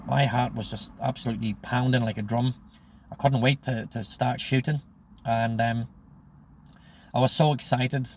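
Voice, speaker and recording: A man in his sixties tells an old story in a loose, rambling way, stacking up quoted lines. His voice is gravelly and fairly flat in pitch, and a faint hum of traffic sits in the background. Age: 60s. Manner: rambling retelling, quoting others with repeated "he says", "he goes". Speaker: vlogger telling his life story. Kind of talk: casual spoken storytelling.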